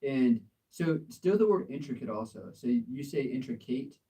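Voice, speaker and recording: An American man tutors English in a relaxed live session, gently correcting pronunciation and laughing often. His voice is mellow and warm, and he sits a little back from the mic. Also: medium pitch, normal speed, recorded from a distance, rough recording. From United States. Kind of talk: live language exchange lesson.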